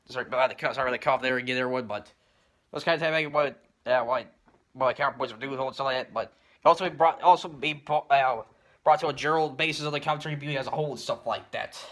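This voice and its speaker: A man delivering a rambling commentary rant, filling his points with "you know" and "stuff like that" and often clearing his throat. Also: medium pitch, rapid-fire, fairly bright tone. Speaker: commentary YouTuber.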